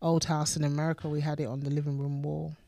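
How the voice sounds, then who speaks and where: A woman with a low voice co-hosting a faith podcast. She talks earnestly and with emphasis, repeating words as she builds toward a point. The sound is dry and close. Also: level tone, fast, creaky, dark tone, dry recording. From United Kingdom. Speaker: podcast co-host, pastor. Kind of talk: casual faith chat.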